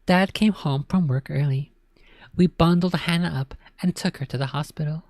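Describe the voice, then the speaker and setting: Low-voiced woman reading a spooky story. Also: normal speed, dry recording, clean studio sound. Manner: dramatic reading, often dropping to a hush. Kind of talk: scripted narration of a spooky children's book.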